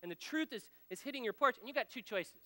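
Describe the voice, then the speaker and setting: Male speaker, 30s-40s, high and crisp voice, anecdotal sermon style, long hall reverb. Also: expressive, fast talker, bright, forceful tone. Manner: storytelling, folksy, speaks directly to the audience. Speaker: speaker at a men's ministry gathering. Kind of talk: conversational sermon with personal anecdotes.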